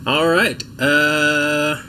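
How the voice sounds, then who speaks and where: A man's voice: on the high side, level tone, extremely slow, background noise. A sick man hosting a casual TV tech livestream at home, chatting with viewers in a laid-back, self-mocking way. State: sick, coughing and clearing throat.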